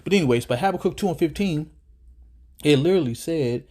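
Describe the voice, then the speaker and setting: A man with a fairly high, warm voice talks a little fast and animatedly while out of breath. In a religious reaction commentary on a clip, he reads and quotes scripture at length, sounding preachy yet casual, like street talk.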